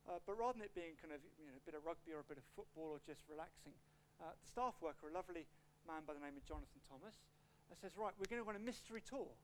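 Male preacher, animated delivery, acts out quotes, shifting pace, faint hum behind. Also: fairly high pitch, very fast. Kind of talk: expository sermon with a personal story.

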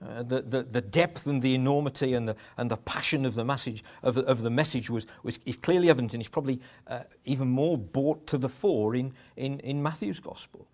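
A man's voice: mid-range voice, a little fast, few pauses, a little mellow. A middle-aged man preaching a sermon in a conversational way, with chuckles and restarts.

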